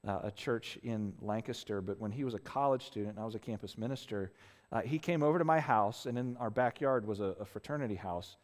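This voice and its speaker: A pastor with a fairly low voice delivers a conversational sermon at a fairly quick clip, and a long reverb tail trails his words. He sounds earnest, often restarting phrases and checking in with "right?"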